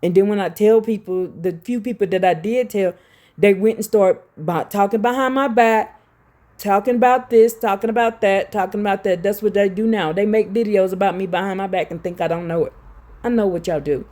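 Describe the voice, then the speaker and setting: A woman's voice: mid-range voice, brisk, mellow. A woman giving a rambling, emphatic religious monologue to her viewers. She repeats herself and turns confrontational. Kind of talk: direct-to-camera religious monologue.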